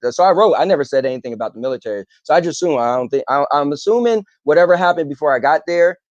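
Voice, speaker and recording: A man's voice: on the high side, no echo, highs cut off. A man hosting a podcast, telling a long story casually with lots of ums. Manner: rambling, animated retelling with filler ums. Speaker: podcast host.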